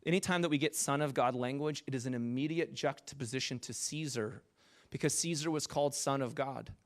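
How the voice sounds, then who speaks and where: A man giving a conversational sermon as a pastor, animated and jokey, talking with his congregation. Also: medium pitch, brisk.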